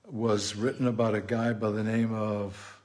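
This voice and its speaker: A man's voice: lowish voice, flat delivery, a little slow, a little mellow. An older man co-hosting a casual chat, joking and telling rambling anecdotes. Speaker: co-host.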